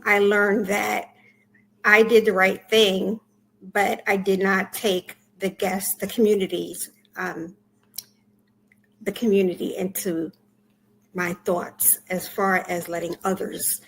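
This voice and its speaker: A woman guest on a podcast, giving brief, soft-spoken answers over a video call. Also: mid-range voice, level tone, slow, gravelly, a little hiss or hum, low-quality recording. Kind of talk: casual interview answers.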